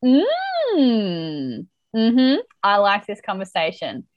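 A woman's voice: medium pitch, huge pitch swings, extremely slow, no room sound, muffled recording. A woman co-hosting a podcast, chatting casually through an episode recap with lots of "like" fillers. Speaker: podcast co-host.

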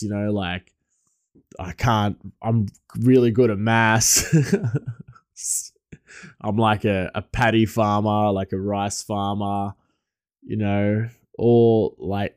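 Low-voiced man telling a rambling story. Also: a little mellow, dry recording, clean studio sound. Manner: rambling, many fillers and restarts, laughs often. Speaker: chef. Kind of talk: casual storytelling.

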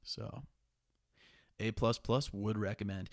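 A man's voice: fairly low pitch, flat delivery, moderate pace, no echo, studio quality. A young man hosting his own podcast, rambling casually and restlessly, with plenty of swearing and a bit of a sniffle. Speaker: podcast host. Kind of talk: casual solo podcast monologue.

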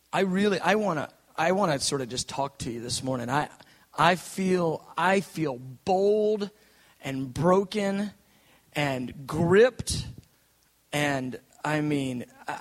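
A middle-aged man preaching a sermon, moving from an earnest prayer into a lively personal story, intense and direct. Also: fairly high pitch. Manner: intense, earnest, quotes others in put-on voices.

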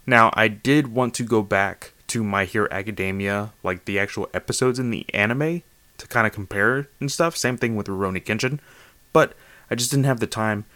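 A man's voice: lowish voice, normal speed, pushed and bright, no room sound. A man hosting a casual solo manga review podcast late at night, tired and slightly slurring, rambling with lots of fillers and restarts. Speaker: podcast host.

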